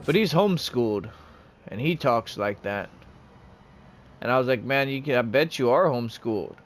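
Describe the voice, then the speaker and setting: A man's voice: mid-range voice, expressive, moderate pace, a little hiss or hum. A man hosting a gaming channel, rambling casually while he plays. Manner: rambling and chatty. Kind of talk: casual let's-play commentary.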